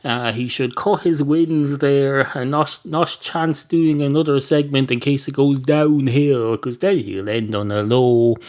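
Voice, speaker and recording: An Irish man from Ireland, hosting a solo comedy podcast. He rambles in a deadpan, self-mocking way, with plenty of pauses and restarts. His pitch sits in the middle range. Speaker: podcast host. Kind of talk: comedic monologue.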